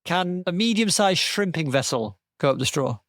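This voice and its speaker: A man and podcast co-host, reading a comic story with dry, deadpan delivery. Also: sits high, normal speed, no room sound.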